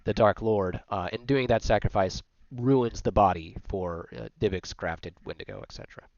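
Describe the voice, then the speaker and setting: Low-voiced man running a tabletop game. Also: normal speed, darkish tone, dry recording, highs cut off. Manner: loose and rambling, many fillers and restarts. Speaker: game master.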